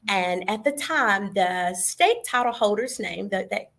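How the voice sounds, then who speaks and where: A woman's voice: mid-range voice, expressive, unhurried, vocal fry, a bit bright. A young adult woman with a Texas Southern accent, earnestly telling her pageant story as an interview guest on a video call, politely saying yes ma'am.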